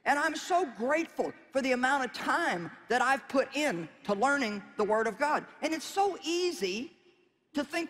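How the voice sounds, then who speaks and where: A man's voice: very high voice, expressive, normal speed, a bit bright, in a large hall. A man preaching a sermon in a folksy, conversational way, with emphatic exhortations.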